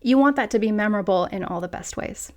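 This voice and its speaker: A woman's voice: medium pitch, quick pace, a little mellow. Woman podcast host, coaching tone, playful asides, speaks straight to listeners, mid-range voice. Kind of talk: scripted solo podcast talk.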